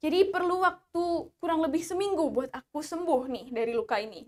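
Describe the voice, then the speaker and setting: A woman English teacher with an Indonesian accent, explaining in two languages and drilling words slowly for the class to repeat. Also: high-pitched. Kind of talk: bilingual English lesson, slow drills.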